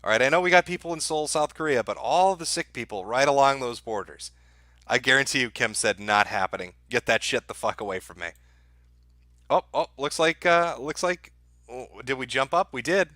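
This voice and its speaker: A man's voice: mid-range voice, fairly quick, no room sound, clean studio sound. A man hosting a livestream, giving profane, darkly joking commentary to his chat. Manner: sardonic, profane, dark-humored. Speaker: livestream host.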